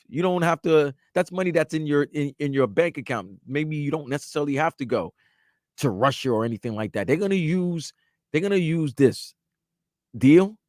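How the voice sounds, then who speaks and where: A man's voice: mid-range voice, a little mellow, no room sound, studio quality. A man co-hosting sports talk radio, chatting casually with his partner.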